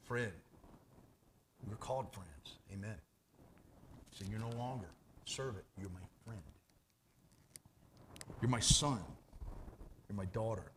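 A man preaching a sermon as pastor, animated and conversational, jumping from loud bursts to hushed asides. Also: lowish voice, slow, long pauses, background noise.

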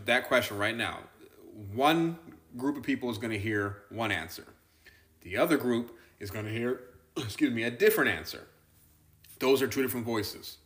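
Man, preacher, sermon, slow deliberate delivery, bright firm tone. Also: lowish voice.

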